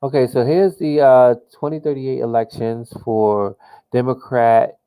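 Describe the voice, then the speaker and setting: A man talks through a political simulation game as he plays, thinking aloud with frequent fillers and restarts. His voice is mellow and dark in tone, and he takes his time, moving at a slow, unhurried pace. He drops casual slang like "yo" as he goes. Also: mid-range voice, fairly even intonation, smooth, rough recording. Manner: slang-heavy, exclaims "yo" often. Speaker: gamer playing a political sim. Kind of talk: casual live gameplay commentary.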